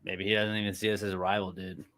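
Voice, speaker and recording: A man's voice: sits low, level tone, fast talker, fairly bright tone. A man co-hosting a casual sports podcast, rambling with frequent restarts and casual swearing. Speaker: podcast co-host.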